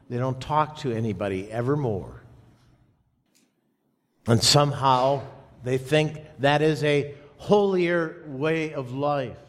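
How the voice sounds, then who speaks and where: Slow preaching man in a reverberant church. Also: mid-range voice. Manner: slow, emphatic preaching with dramatic pauses. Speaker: pastor. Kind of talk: sermon. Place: church sanctuary. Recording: long reverb of a church hall.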